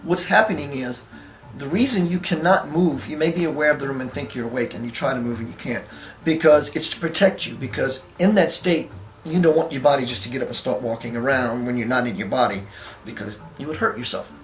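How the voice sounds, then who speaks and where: A man talking casually to camera, telling an anecdote in a relaxed way with fillers and restarts, and acting out the voices in his story. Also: medium pitch, a little fast. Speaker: spiritual teacher.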